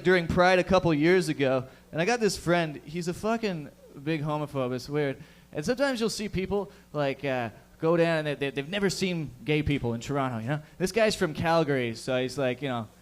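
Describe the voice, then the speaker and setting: A young man hosting a stand-up comedy show in a bar, brash and profane with loud crowd work, on a stage mic. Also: fairly high pitch.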